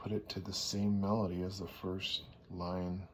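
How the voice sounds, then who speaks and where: A man casually teaching songwriting, thinking aloud and sometimes clearing his throat. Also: sits low, little pitch movement, moderate pace. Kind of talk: casual teaching with sung demonstrations. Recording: faint background noise.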